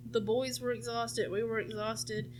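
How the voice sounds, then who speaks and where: Kobieta po trzydziestce z południowym akcentem USA, gawędząca w podcaście, barwnie i z przekleństwami odgrywająca kwestie bliskich. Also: female voice, on the high side, a little slow, a little hiss or hum. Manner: animated, swears freely, acts out family members' lines. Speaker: podcast co-host. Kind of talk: casual storytelling chat.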